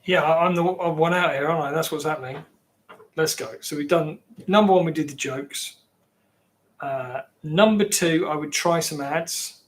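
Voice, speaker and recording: A man from England with a fairly high voice talks at normal speed on his livestream. His style is rambling and chatty, with frequent reactions to viewers.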